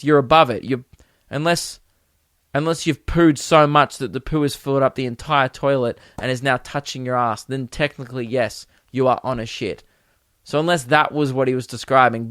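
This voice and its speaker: A man's voice: on the high side, dry recording. Man ranting through a comic story. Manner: animated, acts out quoted voices, exasperated. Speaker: podcast host. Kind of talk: comedic storytelling monologue.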